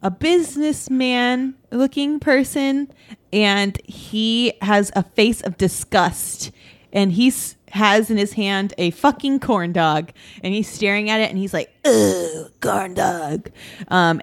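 A woman's voice: medium pitch, a little slow. A young woman chatting casually and laid-back, with lots of fillers and swearing. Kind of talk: casual chat.

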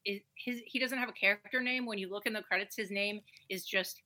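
A woman's voice: mid-range voice, fairly even intonation, a little fast, pushed and bright. A woman guest on a podcast, chatting casually and bluntly, swearing freely. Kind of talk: casual chat.

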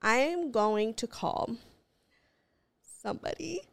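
A woman's voice: fairly high pitch, animated, slow pace, vocal fry. A woman hosting her own podcast in a brash, bubbly, profane casual chat. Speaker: podcast host.

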